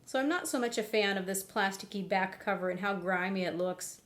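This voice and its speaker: A young woman reviews a phone straight to camera in a chatty, candid way. Her voice is still a little worn as she gets over laryngitis. She sits at a middling pitch and talks like she's chatting with regular viewers. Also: a little fast, fairly bright tone. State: recovering from laryngitis. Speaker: tech reviewer. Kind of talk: casual product review.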